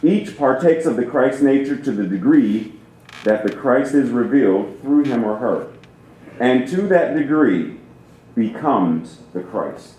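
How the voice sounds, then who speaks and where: A man's voice: mid-range voice, lively intonation, unhurried, mellow, slight background noise. A man preaching as a guest minister, talking with theatrical emphasis and playing with how he phrases things. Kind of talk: sermon. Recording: roomy church reverb.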